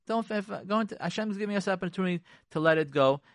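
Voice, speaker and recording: A man hosting a radio talk show on marriage, animated and emphatic, repeating his points and acting out mocking quotes. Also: high-pitched, rapid-fire, dry recording. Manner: repetitive, emphatic.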